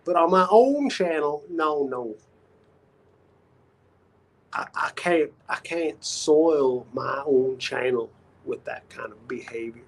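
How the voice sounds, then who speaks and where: A man's voice: on the high side, lively intonation, slow, gravelly, voice pushed up, exaggerated voice, low-quality recording. A man putting on a sheepish guy. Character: man named Ross, mundane guy with a channel.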